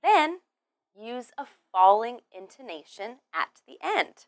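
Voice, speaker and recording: A woman teaching English pronunciation, drilling words one by one and stressing each clearly. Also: a little high, very animated, slow, dry recording, studio quality. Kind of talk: slow, deliberate pronunciation lesson.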